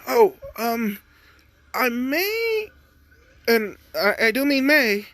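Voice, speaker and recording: A man voicing an excitable teenage boy hero in a raised, eager, flustered voice. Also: very high voice, very slow, dry recording, pitched above the performer's own voice, heavily acted.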